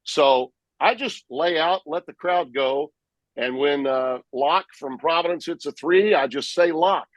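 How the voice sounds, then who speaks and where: A man in a podcast interview, spinning animated stories from the broadcast booth in a fairly high voice. The sound is dry and close, with no room around it. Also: unhurried, dry recording, rough recording. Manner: animated, vivid storyteller who acts out his own play calls. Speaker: sportscaster guest.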